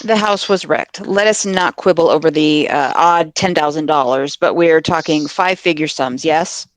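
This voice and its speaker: A woman's voice: sits low, normal speed, no echo, lightly acted. A woman reading as a persistent barrister. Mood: pressing. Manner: formal, pressing questions. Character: cross-examining barrister, persistent and formal. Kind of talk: courtroom transcript reenactment.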